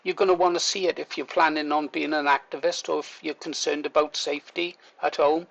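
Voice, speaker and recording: A man's voice: fairly high pitch, flat delivery, a little fast, gravelly, fairly bright tone, poor audio. An older man, a vlogger, telling a story in a chatty way, laughing through it and swearing now and then. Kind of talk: casual storytelling to camera.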